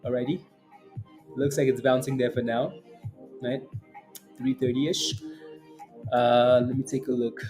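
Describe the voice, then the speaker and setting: A man's voice: medium pitch, flat delivery, unhurried, pauses often, a little mellow, faint music behind. A man hosting a live day trading stream, chatting casually about charts, often laughing and answering chat with lots of fillers and "right?". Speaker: day trading livestream host. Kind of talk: casual live market commentary.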